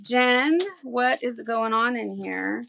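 A woman hosting a tie-dye livestream, chatting casually and gushing with excitement. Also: a little high, slow pace, vocal fry, slight background noise. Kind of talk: casual livestream chat while unboxing.

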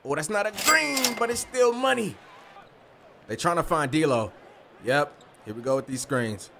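A man giving excited gameplay commentary, hyping plays and often shouting. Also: fairly high pitch, unhurried, gravelly, over music. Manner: hypes plays with frequent shouting. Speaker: gaming video creator.

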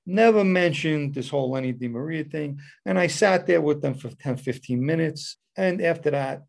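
A man's voice: on the high side, normal speed, vocal fry, hardly any pauses. A man recounting a personal story in a casual, matter-of-fact, street-talk manner. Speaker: former mob associate telling a story.

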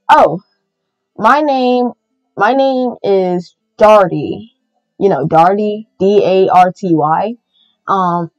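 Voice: mid-range voice, no echo. Someone doing a friendly, rambling frog girl robot in a homemade game video. She takes her time and keeps explaining herself, and the sound is a bit muffled, with faint music underneath. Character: chatty female frog animatronic, friendly.

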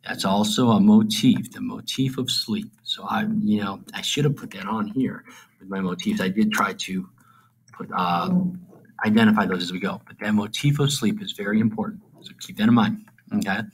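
A man teaching a recorded lecture, talking informally, checking in often with listeners and trailing off into low, whispery asides. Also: husky, poor audio. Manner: informal, repeats "okay?" to check in.

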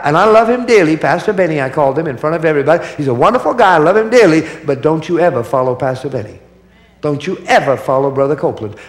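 A man with a high-sitting, slightly bright voice preaches a sermon to a congregation, recorded with a roomy sound. He is emphatic and repetitive, working in call-and-response by asking the crowd for answers.

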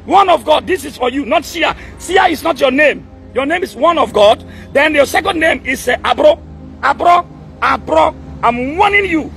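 A middle-aged prophet, speaking in a very high, gravelly voice. He scolds and repeats himself, pressing the listener again and again, with faint music underneath. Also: lively intonation, normal speed, fairly bright tone. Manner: angry, repetitive, keeps demanding attention. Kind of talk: scolding public message.

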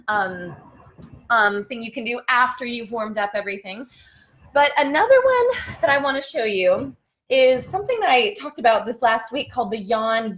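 Lively high-voiced woman singing teacher. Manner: demonstrative, sings and yells sample notes between explanations. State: tired voice. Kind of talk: live-streamed singing lesson.

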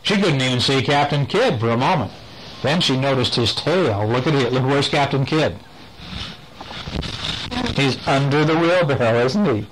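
A man reading a bedtime story aloud to a child, gentle and playful, stopping to point at the pictures and ask questions. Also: mid-range voice, expressive, normal speed, pauses often, slight background noise, rough recording.

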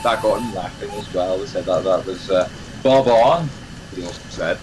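Over some background noise, a low-voiced man talks at a moderate pace while playing a train game on his live stream. His chat is casual and rambling, full of fillers and false starts.

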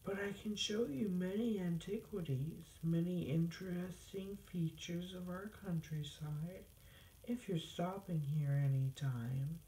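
A woman's voice: fairly low pitch, a little slow, mellow, slight background noise, pitched above the performer's own voice, lightly acted. A woman voicing a shy but stubborn male dragon in a storybook reading, sounding slightly nervous and talkative. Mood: polite, stubborn. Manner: nervous then firm, talkative. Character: shy, chatty, stubborn male dragon who stays home. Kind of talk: storybook read-aloud. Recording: roomy echo.

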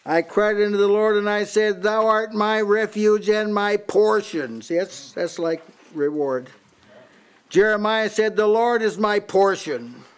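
A man's voice: high-pitched, smooth. Older man preaching a house-church sermon. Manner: repeats words as he restarts, reads and compares many translations. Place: small house church meeting.

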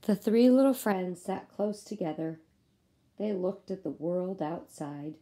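Slow, mellow-voiced woman reading aloud. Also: on the low side, expressive. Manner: gentle, slow, teacherly. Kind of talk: children's read-aloud.

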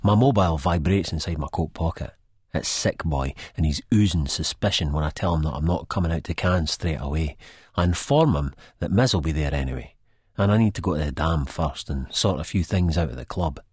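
Deep husky Scottish man, first-person audiobook reader, dry close sound. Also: brisk, dry recording. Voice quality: broad dialect delivery, sweary and blunt. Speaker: audiobook narrator.

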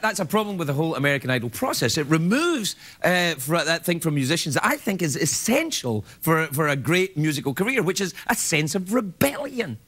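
A middle-aged man hosting a late-night show, delivering a comedy monologue with playful mock outrage and quick asides. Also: on the high side. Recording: loud background noise.

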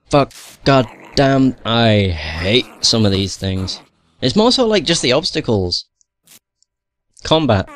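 A young man giving casual gameplay commentary, swearing a lot, grumbling at the game and laughing at himself. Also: fairly low pitch. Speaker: gamer playing through a video game.

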